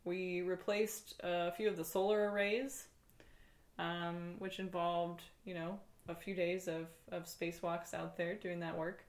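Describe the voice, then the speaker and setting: A woman playing a calm, earnest male shuttle captain in improvised comedy, speaking formally with halting fillers. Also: fairly low pitch.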